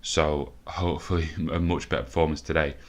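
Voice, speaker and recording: Deep guy talking through his football game, annoyed and swearing a lot. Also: flat delivery, a little fast. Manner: frustrated, swearing, thinking aloud. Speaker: gaming video host. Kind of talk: let's play commentary.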